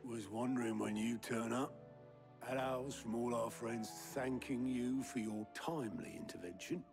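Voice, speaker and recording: A man's voice: medium pitch, a little slow, vocal fry. An actor playing a wry older male rebel ally, speaking in dry banter. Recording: game audio with music behind.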